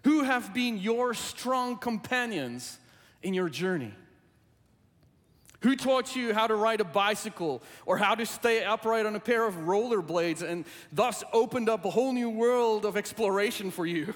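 A man preaching a sermon in a church, speaking earnestly and deliberately, repeating his key phrases. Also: high-pitched, lively intonation, big-room sound. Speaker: pastor.

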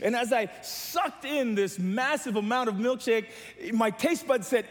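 High-voiced pastor preaching in a reverberant church. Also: male voice, expressive, normal speed, hardly any pauses. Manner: preaching with humor and call-and-response to the church. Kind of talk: sermon.

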